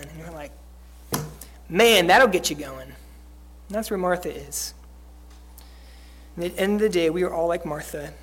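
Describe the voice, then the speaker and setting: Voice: mid-range voice, a bit bright. A preacher giving a sermon in a conversational way, using many fillers and acting out quoted lines.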